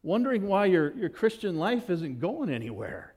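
A man preaching a sermon as pastor, telling the story in an animated, expressive way. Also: sits high, moderate pace, slightly rough.

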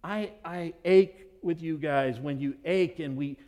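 A male pastor preaching a sermon to his church, animated and emphatic, with dramatic pauses. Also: on the high side.

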